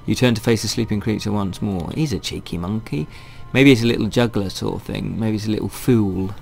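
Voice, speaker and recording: A man's voice: on the low side, a little fast, vocal fry, few pauses, darkish tone, faint music behind. A man reading a fantasy video game aloud in a wry, chatty way and thinking aloud as he plays. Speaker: gaming channel host.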